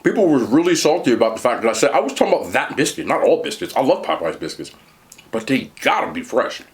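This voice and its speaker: A man talking casually while eating and reviewing fast food, chatty and animated, pausing to chew. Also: medium pitch.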